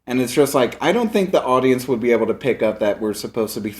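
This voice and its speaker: A man's voice: medium pitch, animated, fast talker, a little mellow. A man co-hosting a movie-review podcast in a wry, sarcastic, casual way, swearing freely. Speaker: podcast co-host.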